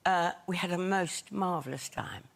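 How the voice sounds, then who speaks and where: A woman's voice: on the low side, normal speed, creaky. An older woman, a talk show guest, chatting wryly and laughing at herself. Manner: self-deprecating, laughing, wry. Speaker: actress guest. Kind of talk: casual chat.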